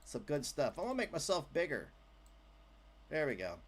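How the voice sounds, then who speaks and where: A man's voice: fairly high pitch, moderate pace. A man hosting a casual livestream, joking and chatting loosely with his viewers. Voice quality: animated, jokey, trails off into asides. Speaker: livestream host.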